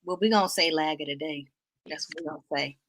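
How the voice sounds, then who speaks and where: A woman's voice: deep voice, quick pace, rough recording. A woman with a Southern US accent hosting a talk show in a chatty, playful way. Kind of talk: casual chat.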